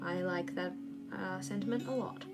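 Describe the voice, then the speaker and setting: A woman's voice: medium pitch, normal speed, loud music behind the voice. A woman hosting a casual livestream, chatting candidly and ranting while she journals. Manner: chatty, candid, rants and laughs readily. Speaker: livestream host.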